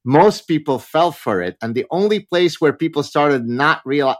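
A man's voice: on the high side, lively intonation, normal speed. A man speaking as a guest professor in a casual interview, telling stories with a wry, joking manner.

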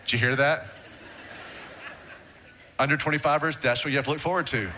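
A man's voice: medium pitch, a little fast, long pauses, pushed and bright, slight background noise. A middle-aged man preaching a sermon to his congregation, conversational and asking them questions. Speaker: pastor. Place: church sanctuary.

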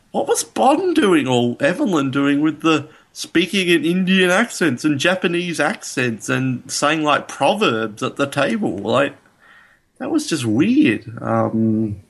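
A man co-hosting a podcast, chatting casually about a film, rambling and laughing, getting animated when amused. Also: on the high side, measured pace. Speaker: podcast co-host. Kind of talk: casual film review chat.

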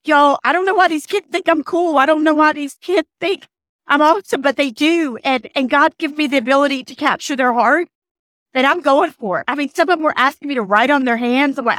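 Her voice sits high and bright, and she talks fairly quickly with a cold making her nasal and congested. This passionate podcast host and motivational speaker shares a personal story, repeating phrases for emphasis and restarting often. It's clean studio sound without echo, recorded outside in rain.

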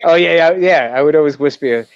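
A man's voice: on the high side, quick pace, clear, resonant tone, no echo, dull audio. A man chatting animatedly as a podcast guest, laughing often. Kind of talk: casual chat.

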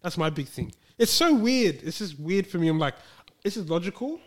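A man's voice: sits high, sing-song, moderate pace. Young man, hesitant rambler, casual chat. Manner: rambling, hesitant, lots of fillers.

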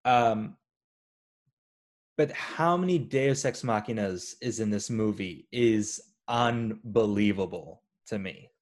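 A man co-hosting a casual chat about a movie, animated and rambling with lots of fillers and restarts. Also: lowish voice, slow. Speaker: podcast co-host.

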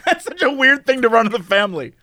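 A man in his thirties, an animated podcast co-host, telling stories in casual chat with a lot of laughter. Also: extremely high pitch, fast.

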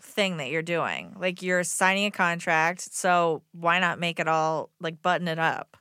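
A woman's voice: fairly low pitch, measured pace, bright, forceful tone, smooth, no echo, clean studio sound. A woman co-hosting a podcast in casual chat, easygoing and agreeable. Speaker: podcast co-host.

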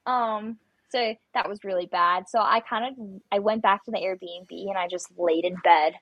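Speaking at a normal speed in a mid-range voice, a young woman guest on an interview show talks casually about her life as a competitive shooter. She tells stories chattily and acts out the panicked things she said. The recording is dry and muffled.

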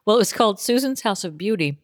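A woman in casual chat, trading quick jokes and teasing. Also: medium pitch, lively intonation, no room sound, studio quality, in a large hall. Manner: quick jokey banter. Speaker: podcast co-host.

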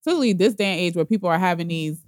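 A woman telling a story in casual podcast chat, slangy and animated, acting out other people's voices. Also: on the low side, racing, no room sound, studio quality. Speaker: guest telling her proposal story.

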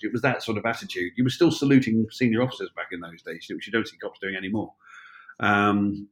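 A man's voice: lowish voice, quick pace. A man in his sixties, a former police officer telling wry, rambling stories with many fillers and restarts. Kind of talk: anecdotal storytelling.

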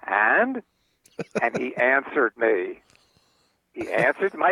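A man's voice: medium pitch, measured pace, husky, no echo. An older man, an author being interviewed, telling stories and acting out the voices of the people in them. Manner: animated storyteller acting out quoted voices. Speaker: author and guest. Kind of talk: storytelling interview answers. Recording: tinny phone line, dry.

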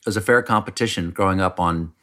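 Bright-voiced middle-aged man from South Carolina. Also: quick pace. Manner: animated storyteller, mimics people in higher voice. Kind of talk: casual chat.

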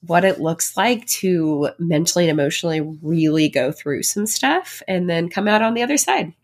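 Here a pregnant woman runs her own solo show, her voice on the low side and expressive, moving at a moderate pace. She reflects warmly and chattily, leaning on lots of fillers.

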